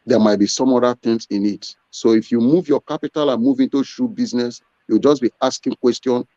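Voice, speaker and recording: A man's voice: medium pitch, steady tone, brisk, few pauses, mellow, dry recording. Man, earnest, storytelling, very dry sound, dull lo-fi audio. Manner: earnest, storytelling with acted quotes. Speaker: business owner guest. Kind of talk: interview answers.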